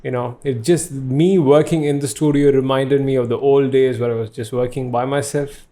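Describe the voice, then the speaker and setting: A Tamil-speaking man hosting a casual studio podcast, jokey and quick to laugh, often stumbling over his words. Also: mid-range voice, steady tone, mellow. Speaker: podcast host.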